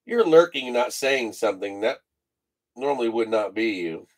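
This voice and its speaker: A man's voice: mid-range voice, animated, moderate pace. A man hosting a live card break stream, chatting casually, reading off names and teasing his viewers.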